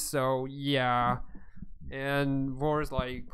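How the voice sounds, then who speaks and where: A man's voice: fairly high pitch, animated, slow, fairly bright tone, a little hiss or hum. A man running a tabletop game as its game master, narrating casually with many hesitations. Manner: casual, hesitant, filler-heavy.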